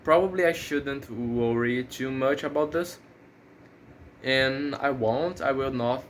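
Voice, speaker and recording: Non-native english guy vlogging slow and halting, lots of ums, faint hiss behind him. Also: mid-range voice. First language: not English. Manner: hesitant, many fillers and restarts, thinking aloud. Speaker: channel host. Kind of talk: casual vlog monologue.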